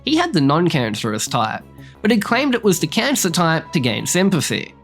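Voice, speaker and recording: A narrator reading a scripted commentary in a measured way. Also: medium pitch, wildly swooping pitch, a bit bright, faint music behind. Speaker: video narrator.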